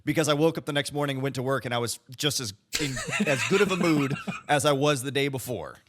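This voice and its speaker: A man co-hosting a podcast in casual chat, explaining his views in a measured way. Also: medium pitch, crowd noise. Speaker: podcast co-host.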